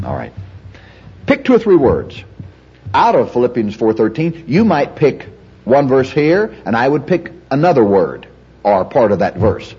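A man delivers a teaching sermon in a breathy, husky voice. He speaks emphatically and repeats phrases with the stress moved from word to word, his pitch rising and falling widely. The recording sounds dull and lo-fi. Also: sing-song, a little slow, a little mellow. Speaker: preacher teaching Bible study.

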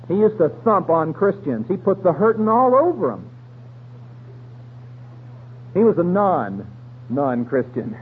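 Folksy high-voiced radio preacher. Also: male voice, breathy edge. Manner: folksy, colloquial storytelling with slang. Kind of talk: radio sermon. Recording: tinny radio broadcast with faint hum.

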